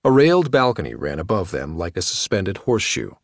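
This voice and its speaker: A male narrator reads a novel aloud in a measured, even delivery. His voice sits low and the recording is close and dry. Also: no echo. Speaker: audiobook narrator. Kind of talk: scripted narration.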